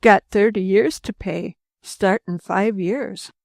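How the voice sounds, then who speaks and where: A woman's voice: medium pitch, slow, creaky, no room sound, studio quality. A woman voicing an easygoing young male settler who drawls.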